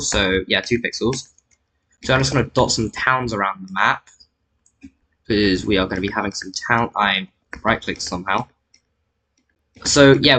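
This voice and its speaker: Bright-voiced man narrating a map game. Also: mid-range voice, poor audio. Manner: rambling, with frequent "so yeah" and self-corrections. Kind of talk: casual commentary over a map.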